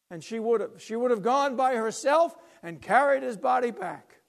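A man preaching a sermon, retelling a scripture story dramatically, swinging from loud to hushed. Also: extremely high pitch, normal speed, creaky.

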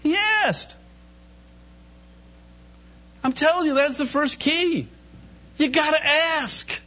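A man preaching a sermon in an animated way, reading scripture and acting out the voices in it with laughter in between. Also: very high-pitched, a little slow. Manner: animated, acts out Bible voices, laughs often. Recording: dull lo-fi recording.

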